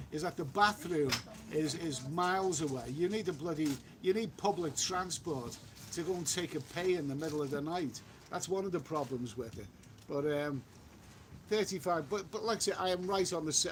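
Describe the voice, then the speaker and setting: A man's voice: fairly high pitch, moderate pace, noisy background. An English man chatting casually on a live stream outdoors by the beach, rambling with frequent restarts and the odd mild swear word. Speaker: travel vlogger live-streaming. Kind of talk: casual live-stream chat reading viewer comments.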